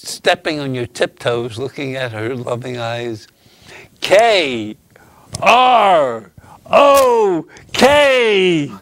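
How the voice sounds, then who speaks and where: Slow-talking male host telling riddles. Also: mid-range voice. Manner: slow, drawn-out, warmly teasing storyteller. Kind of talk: casual chat, storytelling riddles.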